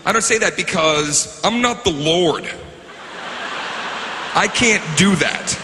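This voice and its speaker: A man performing stand-up comedy and spinning an animated story that builds to shouted punchlines. His voice sits a little high for a man. The recording is boomy with long reverb, and loud ambient noise runs underneath. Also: takes it slowly. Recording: echoey hall with loud background noise.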